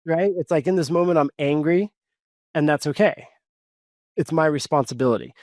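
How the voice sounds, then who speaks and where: A man explains his coaching ideas in a podcast interview, his voice sitting a little high. He talks earnestly and step by step, voicing his inner dialogue in short quoted lines. The sound is close and dry. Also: moderate pace, darkish tone, no room sound. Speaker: guest coach.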